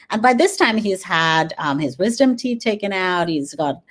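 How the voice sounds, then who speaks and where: A woman in her forties, a dentist and grief coach, talking earnestly in an interview with many pauses and fillers. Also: low voice. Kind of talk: conversational interview.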